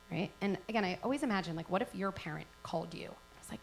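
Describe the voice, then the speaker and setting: A woman's voice: medium pitch, quick pace, vocal fry, hardly any pauses, slight background noise, rough recording. A middle-aged woman, a parenting expert, speaking earnestly at a live event and acting out little parent-child exchanges. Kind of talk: live event talk before an audience.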